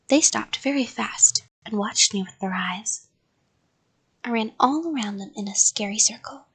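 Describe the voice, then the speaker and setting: A woman narrating a children's book in a soft bedtime voice. She reads in a breathy half-whisper, pitched a little high. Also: measured pace. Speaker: storyteller. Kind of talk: soft bedtime story reading.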